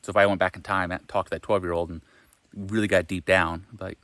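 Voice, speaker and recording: A man talks straight to the camera in a casual self-help monologue. His voice sits on the low side and the sound is dry and close. He rambles, speaks frankly and swears freely. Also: level tone, brisk, fairly bright tone, no echo.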